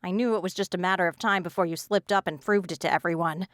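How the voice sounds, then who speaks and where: A woman's voice: on the low side, steady tone, fast, dry recording, studio quality, natural voice. A woman voicing a spiteful, whiny teenage girl.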